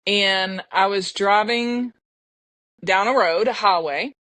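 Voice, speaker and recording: A woman's voice: mid-range voice, slow, fairly bright tone, no echo. Middle-aged woman telling her story, earnest, dry close sound. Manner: earnest, emotional, with restarts and laughs. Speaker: podcast guest. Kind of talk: casual storytelling.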